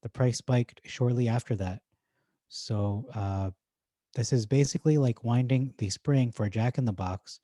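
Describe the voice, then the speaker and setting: A man's voice: mid-range voice, a little slow, mellow, no room sound, studio quality. A man with an Irish accent giving casual commentary as he reads through forum posts, chatty and loose with jokey asides and fillers. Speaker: stock market YouTuber.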